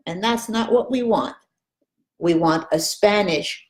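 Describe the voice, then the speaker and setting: A woman's voice: mid-range voice, animated, measured pace. A woman teaching Spanish pronunciation in an online lesson, patiently modeling each sound and coaching the listener.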